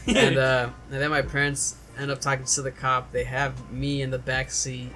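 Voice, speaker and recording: A young man on a casual podcast recounts a story at an ordinary pitch, slipping into the voices of the people he quotes. Faint music sits underneath his talk. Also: normal speed, fairly bright tone, poor audio. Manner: storytelling, acting out quotes with laughter. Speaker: podcast co-host. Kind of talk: casual chat.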